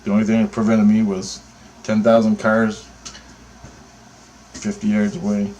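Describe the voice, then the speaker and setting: A man's voice: on the low side, monotone, unhurried, darkish tone, slight background noise, rough recording. A man telling an angry, profanity-laced story about his bird photography, talking in a heated, sarcastic way. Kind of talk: angry ranting anecdote.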